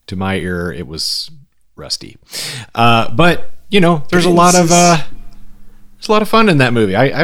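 A man with a very low, deep voice, talking casually and wryly. He rambles a little and pokes fun at himself as he goes. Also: a bit bright. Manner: rambling, wry, self-deprecating. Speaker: podcast co-host. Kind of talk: casual chat.

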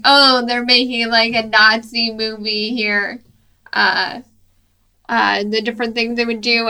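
A woman chats eagerly about a film she enjoyed, taking her time and filling pauses with uhs and likes. Her voice is bright and crisp and a little higher than most, and her pace is slow. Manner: enthusiastic, unhurried, many fillers. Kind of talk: casual film discussion.

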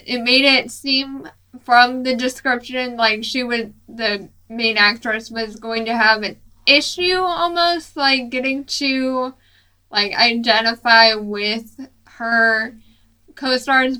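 A woman chats eagerly about a film she enjoyed, taking her time and filling pauses with uhs and likes. Her voice is bright and crisp and a little higher than most, and her pace is slow. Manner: enthusiastic, unhurried, many fillers. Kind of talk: casual film discussion.

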